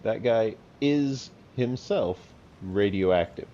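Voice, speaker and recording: A man's voice: on the low side, takes it slowly, warm tone, muffled recording, a little hiss or hum. A man giving chatty let's-play commentary, talking the viewer through a game and teasing the enemies aloud. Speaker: gameplay commentator.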